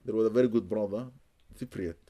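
A Muslim spiritual healer answers interview questions with stories, speaking quickly in a lowish, dark-toned voice. He sprinkles in Arabic religious phrases and repeats words for emphasis.

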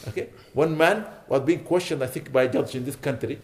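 A man's voice: mid-range voice, a little fast. A man giving an earnest sermon, pleading with his listeners and rising to indignant emphasis. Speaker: imam.

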